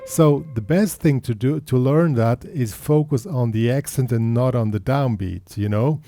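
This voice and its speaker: A man teaching guitar, explaining in halting bursts with restarts, counting beats aloud as he plays and checking in with the listener. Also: mid-range voice, dry recording. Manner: checks in with the listener after points. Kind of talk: guitar tutorial. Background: loud guitar playing.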